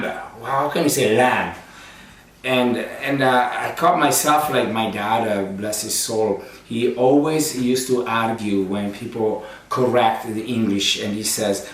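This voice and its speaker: A man's voice: mid-range voice, a little slow. A man, a priest hosting a cooking show, chatting playfully with many ums and uhs. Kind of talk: casual cooking demonstration. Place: kitchen. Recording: very echoey room, distant mic, faint noise.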